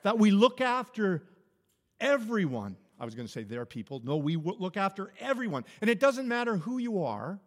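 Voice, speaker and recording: A man's voice: high-pitched, big pitch swings, moderate pace. A man preaching an informal sermon, telling stories in a conversational way, often restarting his phrases and chuckling. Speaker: pastor. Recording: long hall reverb.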